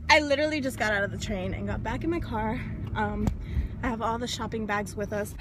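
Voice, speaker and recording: A woman with a slightly raised pitch chats to her phone camera in a casual vlog. Her talk rambles, full of fillers and quick laughs. A faint hiss sits behind her voice. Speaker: vlogger. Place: home, then a shop fitting room, then her car. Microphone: phone camera held by hand.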